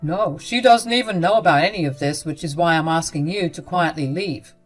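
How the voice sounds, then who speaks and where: A woman's voice: sits low, normal speed, faint music behind, pitched below the performer's own voice. Woman doing a curt, cold young son. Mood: dismissive.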